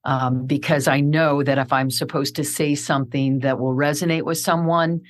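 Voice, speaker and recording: Middle-aged woman, guest storyteller, deep-toned voice, animated and vivid, acts out her own lines. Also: normal speed. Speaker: podcast guest. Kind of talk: emotional personal storytelling.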